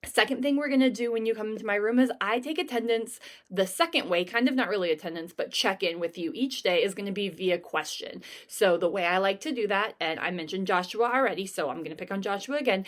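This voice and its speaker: A woman's voice: mid-range voice, fast talker. A woman, a teacher giving an upbeat, chatty first-day talk to her class over a video call, with frequent ums.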